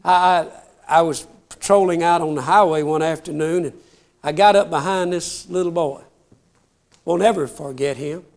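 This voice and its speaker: Brief: high-pitched folksy trooper-storyteller, animated, talks to the crowd. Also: male voice, normal speed. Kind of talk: comic storytelling before a live audience.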